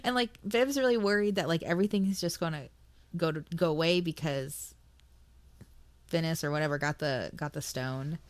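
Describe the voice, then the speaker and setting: A woman with a lowish voice chats casually as a podcast co-host. She gets emotional, laughs a lot and swears freely. The sound is close and dry. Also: normal speed, no room sound. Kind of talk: casual book chat.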